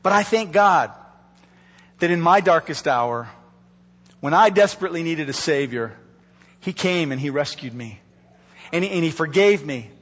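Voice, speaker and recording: High-voiced pastor guy preaching, earnest and pleading, big echoey church sound. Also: animated, normal speed, pauses often, fairly bright tone, breathy edge. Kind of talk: sermon. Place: church sanctuary. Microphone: microphone.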